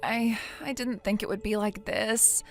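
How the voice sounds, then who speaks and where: A woman's voice: on the high side, fairly even intonation, a little slow, soft background music, close to an everyday voice. A synthetic woman's voice playing a naive, self-pitying young wife who pleads and hesitates in a text-message story. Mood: pleading. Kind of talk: text-to-speech text story narration.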